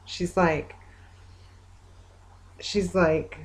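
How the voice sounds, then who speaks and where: A woman's voice: on the low side, flat delivery, drawn-out words. A woman talking in a casual personal video diary, rambling as she retells conversations with many fillers, hopeful yet weary. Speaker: vlogger.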